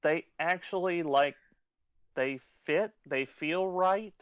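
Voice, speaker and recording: A man co-hosting a film podcast, explaining plots in an unhurried way, thinking aloud with lots of fillers. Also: fairly high pitch, clear, resonant tone, no room sound, lo-fi sound. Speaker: podcast co-host. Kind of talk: casual film review chat.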